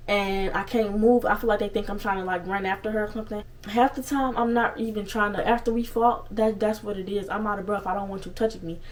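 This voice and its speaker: A young woman telling a story casually on her vlog, animated and swearing freely, with lots of asides. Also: mid-range voice, far from the mic, slight background noise, low-quality recording. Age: young adult. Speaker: storytime vlogger.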